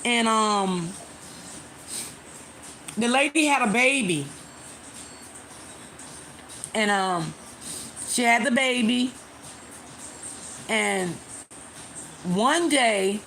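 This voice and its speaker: A woman hosting a casual live stream, retelling a story to her viewers in a chatty way with many pauses and fillers. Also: fairly high pitch, creaky, fairly bright tone, slight background noise.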